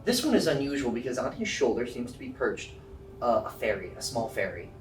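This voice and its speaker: A man narrating as dungeon master in a tabletop game, chatty and lively. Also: medium pitch, brisk. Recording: roomy distant mic, faint music.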